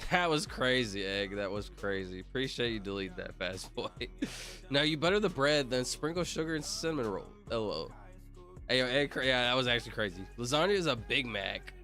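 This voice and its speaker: A man's voice: medium pitch, animated, brisk, pushed and bright, faint music behind. A man casually chatting on a livestream, rambling and joking while reading viewer comments aloud. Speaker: streamer.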